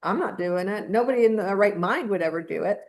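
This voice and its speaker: A woman's voice: mid-range voice, fairly quick. A woman co-hosting a casual opinion chat, talking in a blunt, emphatic, indignant way. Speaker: podcast co-host.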